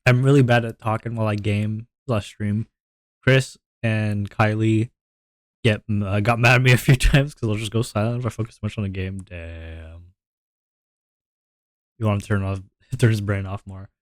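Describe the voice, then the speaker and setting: A young man chatting casually on a live stream, halting and self-deprecating, often restarting and trailing off. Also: fairly low pitch, fairly even intonation, dry recording, clean studio sound.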